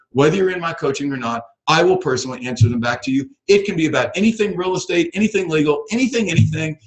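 A man's voice: a little high, low-quality recording. Middle-aged male coach, upbeat rambling webinar host, filler-heavy delivery. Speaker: real estate coach hosting a webinar. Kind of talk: casual webinar talk. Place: ranch.

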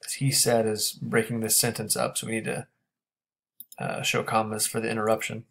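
A man teaching a grammar lesson, explaining step by step and checking in with quick questions. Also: lowish voice, monotone, vocal fry, fairly bright tone.

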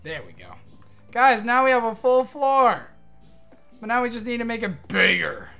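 Bright-voiced excitable young male streamer. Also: extremely high pitch, normal speed, gravelly, soft background music. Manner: excitable, swears, thanks chat often. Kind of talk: live gaming stream chatter.

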